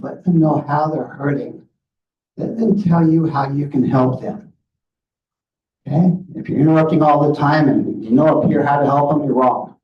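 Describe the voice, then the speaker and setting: A middle-aged man giving an earnest, direct talk with slides, often checking in with "okay?". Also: fairly high pitch. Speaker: guest speaker on grief. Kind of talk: presentation with slides. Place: meeting room. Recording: roomy, distant, muffled room audio.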